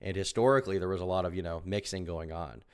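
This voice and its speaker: A young man streaming, reacting to a podcast with rambling commentary and sudden loud outbursts. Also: low voice, quick pace, clear, resonant tone. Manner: rambling, repeats himself, sudden loud bursts.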